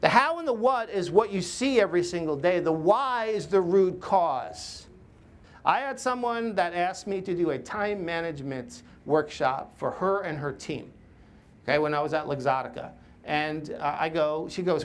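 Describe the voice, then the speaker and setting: A middle-aged man, a podcast host and workplace coach, tells stories in an emphatic, animated way, full of fillers and tag questions. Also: high-pitched, moderate pace, slight background noise. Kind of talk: podcast intro and recorded workshop talk.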